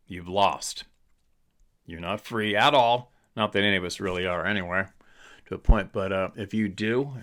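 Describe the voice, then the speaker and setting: A man's voice: lowish voice, measured pace, long pauses, a bit bright. A man from British Columbia hosts the show in a blunt, opinionated, rambling monologue. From British Columbia, Canada. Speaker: host, hunting and fishing guide. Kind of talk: casual monologue, reading a viewer letter.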